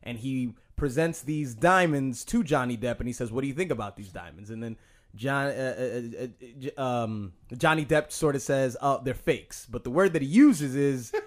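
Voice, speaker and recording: A man's voice: medium pitch, normal speed. A man co-hosting a podcast, chatting casually in a rambling, profane way full of fillers and restarts. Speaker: podcast co-host.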